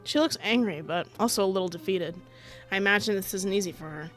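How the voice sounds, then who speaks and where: A woman's voice: medium pitch, quick pace, fairly bright tone, soft background music. An American woman reading a visual novel aloud as the main character, with giggly, playful asides. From United States. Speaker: gaming streamer.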